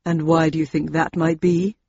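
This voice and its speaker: Woman reading a guarded, sarcastic husband; measured, cool, slightly husky, dry dull sound. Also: low voice, darkish tone, no echo, pitched below the performer's own voice. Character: dry, wary middle-aged male husband, sarcastic.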